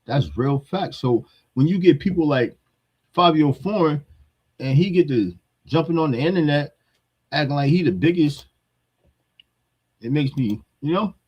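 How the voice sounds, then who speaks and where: A man's voice: a little high, animated, a little slow, pauses often, breathy edge, muffled recording. A man with a New York accent, giving a blunt, heated hip-hop commentary rant that repeats its points.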